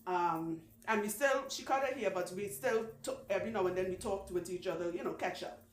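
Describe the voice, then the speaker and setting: A woman who owns a salon, telling long stories in a chatty, animated way and laughing often. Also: mid-range voice. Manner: chatty, animated, laughs often, does quick voices for people she quotes. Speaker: loctician, channel host. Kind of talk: casual storytelling talk. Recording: echoey room with faint background noise.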